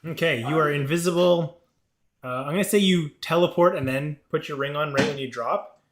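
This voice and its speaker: Halting game master in an echoey room. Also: male voice, on the high side, a little hiss or hum. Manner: halting, many fillers and restarts. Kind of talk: narrating a tabletop game.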